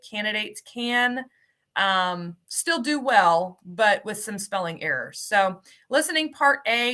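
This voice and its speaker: A woman's voice: medium pitch, bright, forceful tone. A woman hosting a live webinar, upbeat and cheery, calling out giveaway winners and stumbling over their names. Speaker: host, ESL program coordinator.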